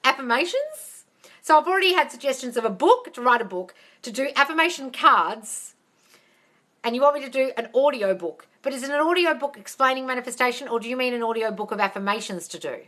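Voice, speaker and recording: A woman's voice: high-pitched, lively intonation, a little fast, a bit bright. A woman hosting a live-stream Q&A as a manifestation coach on a phone. She talks chattily and emphatically, calls her viewers darling and laughs often.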